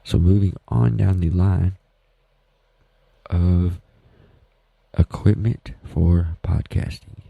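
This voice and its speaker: Slow, gravelly Southern-accented man. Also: sits low, steady tone, no echo, phone-quality sound. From Southern United States. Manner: rambling, folksy, self-deprecating. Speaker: podcast host. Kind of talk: casual solo podcast talk. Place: home.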